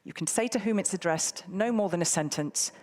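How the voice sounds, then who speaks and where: A woman's voice: mid-range voice, brisk, darkish tone. A woman moderating a live conference, bantering and teasing the audience in a playful way. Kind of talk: live event hosting.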